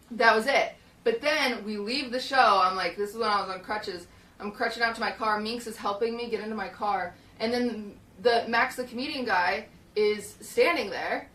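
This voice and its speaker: Her mid-range voice comes across pushed and bright as this young woman loosely recounts a story, full of filler words. She records in a small, sweltering shed turned podcast studio, where a distant microphone captures a roomy sound with slight background noise.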